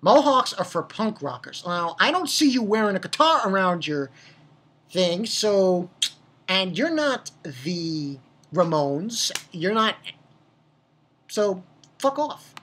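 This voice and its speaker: A woman giving a profane, ranting, animated manga review in a casual video. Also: medium pitch, slow pace, breathy edge.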